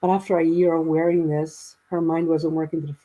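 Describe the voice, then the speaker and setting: Woman in her fifties, guest, rambling storyteller; husky tone, restarts often. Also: low voice, flat delivery, a little fast, dark tone, poor audio. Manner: rambling, with many restarts and quoted dialogue. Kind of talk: personal storytelling in a conversation.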